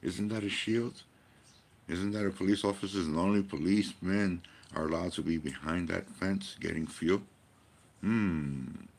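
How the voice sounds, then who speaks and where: A man's voice: deep voice, a little slow. A man giving a rambling personal monologue, emphatic and profane, full of rhetorical questions. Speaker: vlogger.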